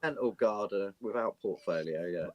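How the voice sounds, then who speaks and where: A man's voice: lowish voice, quick pace, highs cut off. A man, a guest on a talk show, chatting in a chummy way and calling everyone mate. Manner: chummy, says "mate" a lot. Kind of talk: casual chat.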